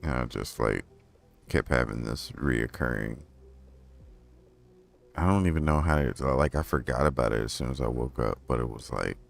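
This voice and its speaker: A man's voice: rumbling low, normal speed, vocal fry, long pauses. A young man streaming a game, chatting casually to himself in a rambling, profane way. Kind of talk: casual livestream chat while playing a game.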